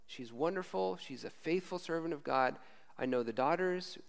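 A man's voice: a little high, normal speed, creaky. A man preaching a casual, conversational sermon as a former missionary, frank and informal, often tagging lines with "right?".

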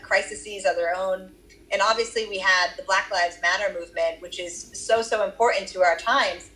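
Answering interview questions about her research, a woman with a Boston accent explains at length, now and then using fillers; she's the research guest. Her pitch is medium and her tone fairly bright, though the audio is poor.

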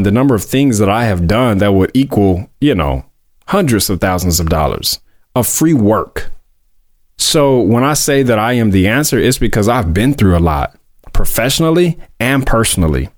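A man's voice: on the low side, expressive, no room sound, clean studio sound. Earnest man hosting his own podcast. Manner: earnest, emphatic, drawn-out stresses; confident, heartfelt motivational talk. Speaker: podcast host. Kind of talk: casual solo podcast monologue.

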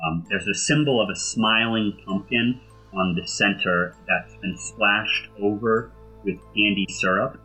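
Brief: low-voiced man running a tabletop game, chatty narration, faint music underneath. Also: bright, forceful tone, breathy edge, poor audio. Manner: filler-heavy, descriptive, unhurried narration. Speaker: game master.

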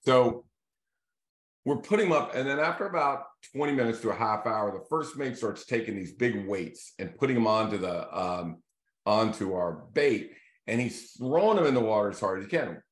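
A man hosting a casual video series, telling a fishing story in a loose, animated way and acting out the voices of the people in it. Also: lowish voice, moderate pace. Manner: animated storyteller who acts out quoted voices. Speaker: real estate team leader hosting a video series. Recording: echoey room.

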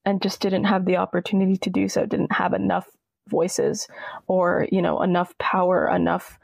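A young woman talking casually and passionately as a podcast guest, with emphatic, expressive delivery. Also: fairly low pitch, normal speed, creaky, dry recording. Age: young adult. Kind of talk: casual conversation.

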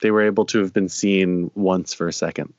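A man's voice: low-pitched, steady tone, a little fast, a little mellow, dry recording. A man co-hosting a podcast over a video call, chatting casually, laughing often and adding trivia. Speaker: podcast co-host. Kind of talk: casual recap chat. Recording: dry, dull lo-fi audio.

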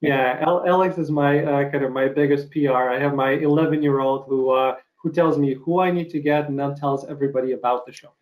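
A middle-aged man hosting an interview show, friendly and halting with lots of fillers. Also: mid-range voice, steady tone, highs cut off. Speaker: show host. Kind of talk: casual interview chat.

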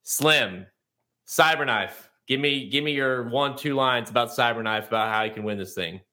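A man's voice: medium pitch, moderate pace, pushed and bright. A man hosting a racing podcast, loose and rambling, laughing often. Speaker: podcast host. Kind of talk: casual podcast chat.

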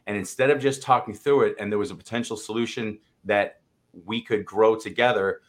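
A man's voice: lowish voice, steady tone, a little fast. A man co-hosting a podcast, speaking in a candid, reflective way that rambles and restarts. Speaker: podcast co-host. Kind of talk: casual conversation.

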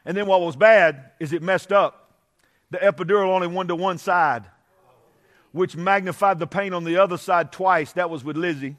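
A middle-aged male pastor preaching, swinging from conversational asides to shouted, drawn-out climaxes. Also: sits high. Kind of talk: Pentecostal-style preaching. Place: church sanctuary.

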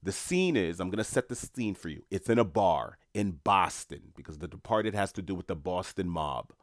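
New guy chatting to his viewers, rambling, lowish voice, dry close mic. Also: expressive, moderate pace, dry recording. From New York. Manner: rambling, conversational, addresses viewers. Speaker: commentator. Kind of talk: casual monologue.

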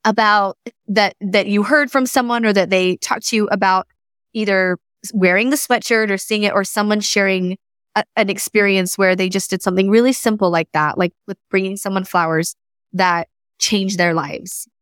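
A woman in her thirties hosting a casual chat, animated and full of fillers. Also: medium pitch, normal speed, clean tone, no room sound, clean studio sound. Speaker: host.

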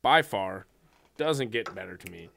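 A man's voice: lowish voice, expressive, a little slow, gravelly, fairly bright tone, slight background noise. A young man co-hosting a casual podcast, laid-back and joking, often trailing off into laughs. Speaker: podcast co-host. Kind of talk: casual chat.

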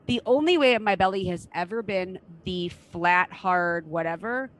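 A woman's voice: lowish voice, unhurried, fairly bright tone, poor audio. A middle-aged woman hosting a casual interview podcast, frank and enthusiastic and swearing now and then. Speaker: podcast host.

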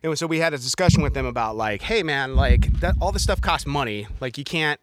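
A man in casual chat, telling stories in a relaxed way and quoting dialogue in an upbeat voice. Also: medium pitch, a little fast, heavy background noise. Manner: laid-back storytelling with upbeat quoted dialogue.

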